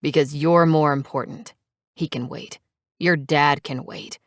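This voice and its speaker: A woman's voice: deep voice, steady tone, a little slow, no echo, clean studio sound. A woman voicing a protective, dangerous male biker who speaks firmly and intensely. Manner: intense, firm.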